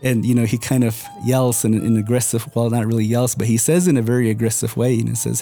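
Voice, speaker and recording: Man, young adult, mellow warm voice, casual rambling storytelling, faint music underneath. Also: medium pitch, fairly even intonation, quick pace, few pauses. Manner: rambling, many "you know" and "kind of" fillers.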